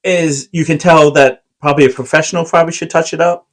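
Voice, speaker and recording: A man's voice: on the high side, fairly even intonation, quick pace, low-quality recording. A man co-hosting a podcast, telling a long anecdote in casual chat, full of fillers and quoted lines. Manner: rambling, filler-heavy storytelling with acted quotes. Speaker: podcast co-host.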